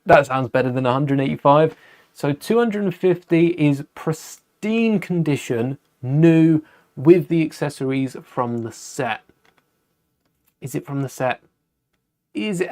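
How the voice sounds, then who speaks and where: A man's voice: fairly high pitch, animated, a little slow, darkish tone. A British man hosting a live Lego building stream, chatting casually, thinking aloud as he builds and answering viewers' questions. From United Kingdom.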